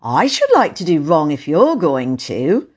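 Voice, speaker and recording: Woman voicing a youngest sister, storybook, quiet, wistful, devoted. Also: deep voice, wildly swooping pitch, unhurried, heavily acted.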